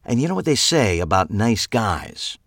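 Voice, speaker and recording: A male audiobook narrator voicing a wry, deadpan woman police detective. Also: on the low side, moderate pace, slightly rough, no room sound, studio quality, heavily acted. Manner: deadpan, matter-of-fact.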